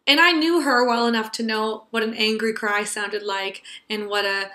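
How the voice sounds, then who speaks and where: A young woman telling an earnest personal story to a class, tender and sometimes dropping to a hush. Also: medium pitch, measured pace, roomy sound. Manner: earnest, tender, drops to a hush for quiet moments.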